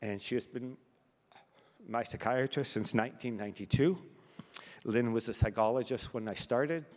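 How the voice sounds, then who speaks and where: Older man, halting speech, hall reverb. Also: medium pitch, darkish tone. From Canada. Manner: self-deprecating humor, halting restarts, fighting back tears. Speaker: award recipient giving acceptance speech. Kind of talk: emotional acceptance speech. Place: large banquet hall. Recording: long reverb of a large hall.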